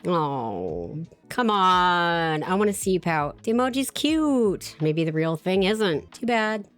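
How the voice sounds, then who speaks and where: A woman's voice: fairly low pitch, big pitch swings, takes it slowly, faint music behind. A woman streaming a visual novel, reading the dialogue aloud and reacting in a playful, teasing, giggly way.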